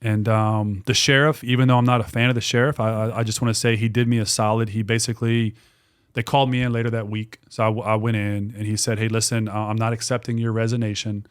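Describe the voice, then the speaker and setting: A man in his forties, a guest on a podcast, telling a story in a casual, animated way with lots of restarts and some swearing. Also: fairly low pitch, fast, clean tone. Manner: animated, repetitive, swears freely. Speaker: guest, dog trainer and business owner.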